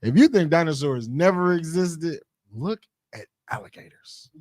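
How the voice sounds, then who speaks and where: Lively joking man co-host. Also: on the high side, moderate pace, no room sound, clean studio sound. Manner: joking, animated storytelling with quoted asides. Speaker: podcast co-host. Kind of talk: casual chat.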